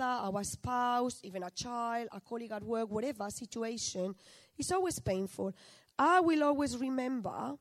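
Woman, middle-aged, preacher, conversational sermon, asks questions, fairly high voice, dry close sound. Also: a little mellow, no room sound, low-quality recording.

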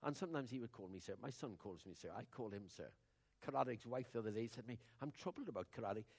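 An older man, preaching in a conversational, storytelling sermon that drops to hushed asides and rises to loud declarations. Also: mid-range voice, fast talker, vocal fry, husky.

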